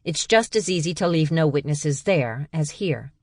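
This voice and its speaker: A woman voicing a tough young woman who states threats flatly in an audiobook. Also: low voice, normal speed, no room sound, studio quality. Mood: blunt. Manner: blunt, matter-of-fact threats. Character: tough young woman, wry and deadly calm.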